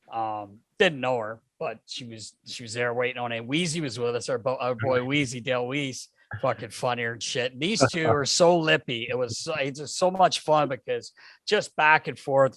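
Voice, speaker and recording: A man's voice: medium pitch, fairly bright tone, no room sound. A middle-aged man co-hosting a podcast, telling hockey road stories in a boisterous, laughing way and swearing often. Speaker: podcast co-host, former hockey player. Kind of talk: casual storytelling chat.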